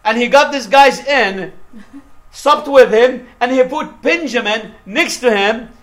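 A man's voice: very high-pitched, takes it slowly, fairly bright tone. A man preaching a sermon, retelling a story animatedly and acting out its quotes.

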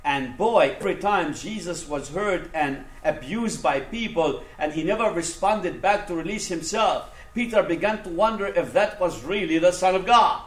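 A man preaching a sermon. He swings between hushed, low passages and raised, emphatic ones, and he asks the congregation questions for them to answer. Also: normal speed, few pauses, reverberant.

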